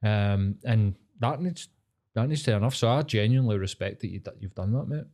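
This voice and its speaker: A man's voice: fairly low pitch, fairly quick, a little mellow. A Glaswegian man co-hosting a podcast, talking in an earnest, supportive way. His chat is loose and full of swearing, with plenty of "aye" and "mate". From Scotland. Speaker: podcast co-host.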